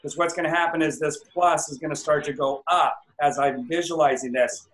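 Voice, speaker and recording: A fired-up male coach speaking over a video call, his voice sitting a little high for a man. He swings into loud, excited affirmations. The room around him rings with echo. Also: a little fast. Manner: energetic, acts out exclamatory affirmations. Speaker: network marketing coach.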